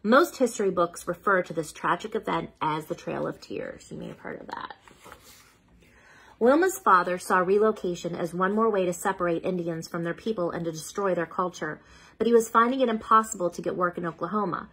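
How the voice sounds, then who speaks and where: A woman's voice: fairly low pitch, a little fast, a bit bright, husky, poor audio. A woman hosting a children's read-aloud, reading a picture book steadily and stopping now and then to sound out unfamiliar words.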